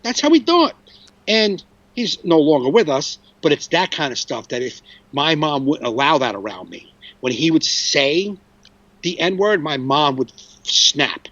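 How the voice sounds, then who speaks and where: Comedian host, 40s, loose storyteller, swears freely; muffled, dry recording. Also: male voice, fairly high pitch, sing-song, measured pace, fairly bright tone, no room sound. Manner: rambling, frequent restarts and swearing. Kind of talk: casual storytelling chat.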